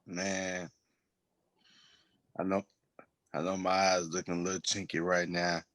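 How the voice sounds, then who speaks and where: Slow-talking tipsy man with hiccups. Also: low voice, little pitch movement, fairly bright tone. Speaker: podcast co-host. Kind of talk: casual chat.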